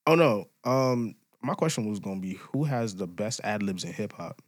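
A man co-hosting a podcast, chatting casually and telling things with excited mock quotes. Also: lowish voice, normal speed, no room sound, clean studio sound. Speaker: podcast co-host. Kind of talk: casual chat.

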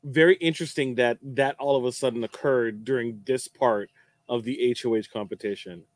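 A man's voice: mid-range voice, fairly even intonation, moderate pace, dry recording. Wry man on a dry-sounding chat show. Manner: wry, mocking impressions. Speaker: podcast co-host. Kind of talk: casual chat.

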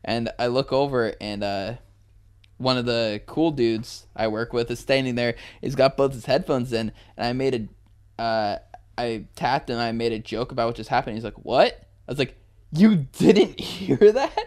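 A man's voice: mid-range voice, fairly even intonation, normal speed, clear, resonant tone. A young American man co-hosting a casual podcast, laid-back, laughing often and swearing casually. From United States. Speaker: podcast co-host. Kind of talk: casual chat.

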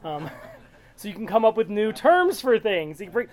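A woman's voice: medium pitch, big pitch swings, normal speed, slight background noise. Woman teaching a casual Bible study. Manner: conversational and digressive, reading verses aloud then explaining.

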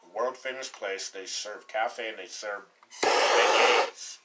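A man's voice: on the low side, moderate pace. A man from Colorado co-hosting a podcast, telling a long road-trip story in loose casual chat, rambling, laughing often and swearing offhand. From Colorado, USA. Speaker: podcast co-host. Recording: distant mic, faint background noise.

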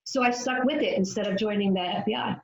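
A woman addiction clinician telling her story in an interview, animated and acting out the dialogue as she goes. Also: medium pitch, fast, reverberant, dull audio. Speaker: addiction clinician and author, guest.

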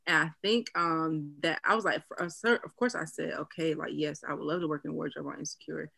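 A young woman chatting casually as a guest, relaxed and talkative, acting out quotes in a raised voice. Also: low voice, fairly quick, creaky, no room sound. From US East Coast. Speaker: brand founder and guest. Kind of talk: casual interview chat.

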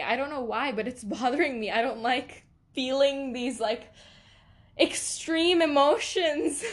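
A woman's voice: fairly high pitch, a bit bright. A young woman hosting a casual solo podcast, talking emotionally and animatedly, laughing often and using lots of fillers. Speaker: podcast host.

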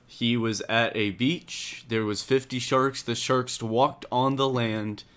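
A young man co-hosting a casual podcast, joking in a mock-defensive, drawn-out deadpan way. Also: medium pitch, clean tone. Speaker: podcast co-host.

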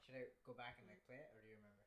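A young man co-hosting a casual podcast, reacting with quick, short interjections. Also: bright, forceful tone, dry recording. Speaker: podcast co-host.

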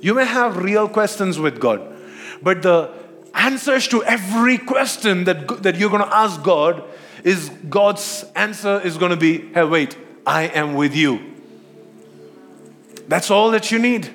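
A man's voice: high voice, animated, measured pace, a bit bright, faint music behind. A man preaching a sermon, firing off rhetorical questions and checking in with his listeners. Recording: long hall reverb.

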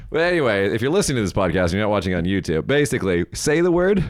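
A man co-hosting a podcast, his pitch sitting a little low but swinging widely as he tells stories. He chats casually and breaks into quick laughs. The sound is close and dry. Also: no echo. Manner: animated storytelling, chatty, quick laughs. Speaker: podcast co-host. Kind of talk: casual chat.

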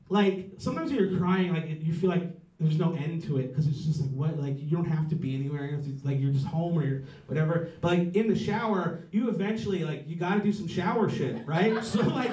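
A man in his thirties performs a stand-up set in a high, light voice, rambling and swearing as he stumbles through restarts and mocks himself. He sounds a bit far from the mic, with a roomy echo. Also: a little mellow. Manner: rambling, profane, self-mocking, halting with many restarts. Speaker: stand-up comedian. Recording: roomy, mic heard from a distance.

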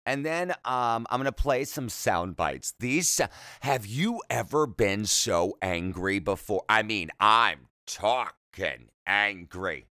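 A man's voice: on the low side, very animated, slow, pushed and bright, smooth, no echo. A man hosting a solo podcast, rambling in a chatty, self-deprecating way with jokey asides, speaking close to the mic. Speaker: podcast host.

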